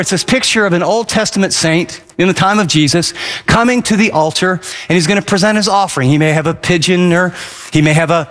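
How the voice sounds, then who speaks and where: Male radio preacher with a high voice, emphatic and chatty, in a hall with long reverb. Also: a bit bright. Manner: emphatic, conversational preaching with acted-out asides. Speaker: pastor. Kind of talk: radio sermon.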